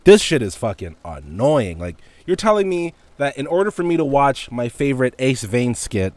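A man's voice: medium pitch, sing-song, normal speed, a little mellow, no echo. A young man hosting a casual solo podcast, ranting in an exasperated, profane way and laughing between points. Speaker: podcast host. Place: indoors with heavy rain outside.

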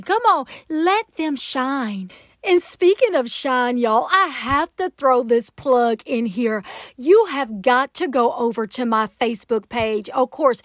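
A woman's voice: high-pitched, a bit bright, no room sound, clean studio sound. A woman from Georgia with a Southern accent, hosting an inspirational prayer podcast, emphatic and encouraging, with lots of "y'all" and "come on.". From Atlanta, Georgia. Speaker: podcast host.

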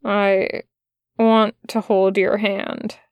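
A woman voicing a wary, hurt male demon who speaks quietly and hesitantly. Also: mid-range voice, little pitch movement, drawn-out words, clean tone, dry recording. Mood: hurt, guarded.

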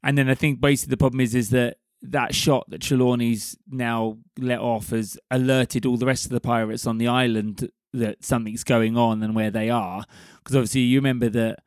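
A man in casual conversation about a book, talking things through in an easy, explanatory way at a mid pitch. The sound is close and dry. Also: flat delivery, brisk, few pauses, a little mellow, dry recording. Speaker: discussion participant.

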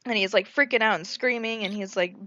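A young woman with a bright, sharp voice retells a movie in casual chat, slipping into the characters' lines with lots of filler words and cursing. The sound is dry and close, slightly muffled and lo-fi. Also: mid-range voice, brisk, no echo. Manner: animated, swearing, frequent "like" fillers.

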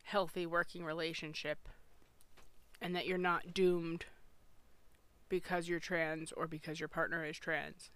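Woman co-host, casual podcast chat, earnest with deadpan quips; bright, crisp, dry close mic. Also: low-pitched, a little slow, long pauses, dry recording. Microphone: podcast microphone.

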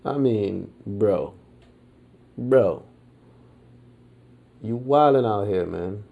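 A man talks through current events in an easygoing solo podcast, unhurried and rambling. His voice sits low, and he drawls at a slow pace, leaning on casual slang and "you know what I mean.". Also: lively intonation, creaky, narrow, tinny audio. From United States. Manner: slow and meandering, many fillers and restarts; laid-back, colloquial speech. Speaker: podcast host. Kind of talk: casual opinion monologue.

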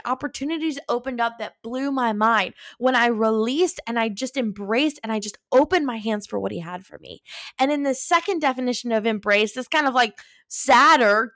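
A woman host, sharing an earnest personal faith reflection, animated and full of "like". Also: fairly high pitch, dry recording, studio quality. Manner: earnest, animated, says "like" often. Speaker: podcast host.

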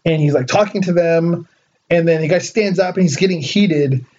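A young man from Southern California telling a story in casual chat, animated, laughing often and saying "like" a lot. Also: a little high, moderate pace, muffled recording.

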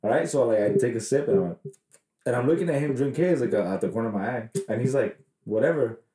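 A man's voice: mid-range voice, lively intonation, fast, mellow, reverberant. A man co-hosting a podcast, telling rambling, profane stories in casual chat, full of fillers. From Mexican heritage. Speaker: podcast co-host.

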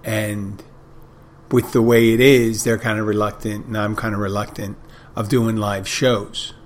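A man's voice: lowish voice, level tone, measured pace, slight background noise. A middle-aged man hosting a podcast, telling wry, rambling anecdotes in a casual monologue. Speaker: podcast host.

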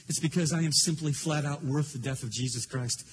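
Older man, pastor, sermon, high-pitched, earnest, emotional. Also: a little fast.

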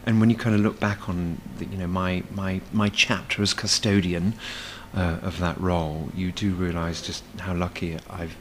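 A man's voice: sits low, flat delivery, normal speed, a bit bright, slight background noise. A man, a stage performer, chatting as a guest in a casual cafe interview, rambling with many fillers and restarts.

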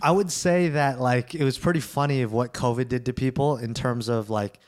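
A man co-hosting a podcast in casual chat, telling animated stories and acting out quotes. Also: medium pitch, moderate pace. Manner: animated storyteller, acts out quotes. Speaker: podcast co-host.

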